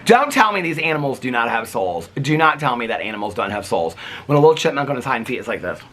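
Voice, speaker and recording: A middle-aged man vlogging at home in casual chat, excitable and chatty, breaking off now and then to talk about animals in the yard. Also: medium pitch, fast talker, a little hiss or hum.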